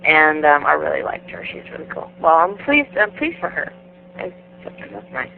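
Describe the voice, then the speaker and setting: Animated woman telling stories over the phone. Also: low voice, normal speed, gravelly. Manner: animated, laughing, acts out the voices in her stories. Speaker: guest wrestler. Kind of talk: casual storytelling interview. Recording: tinny phone line, faint hiss.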